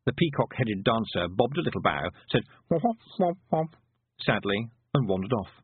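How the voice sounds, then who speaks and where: A man narrating a fantasy storybook with an expressive, varied delivery. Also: fairly low pitch, moderate pace, husky. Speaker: audiobook narrator. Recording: tinny phone-like dry recording.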